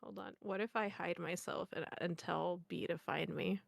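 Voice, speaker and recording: A woman's voice: fairly low pitch, fairly even intonation, moderate pace, creaky, no room sound, studio quality. A woman chatting playfully as a guest streamer, giggling often and making goofy noises. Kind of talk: casual stream chat.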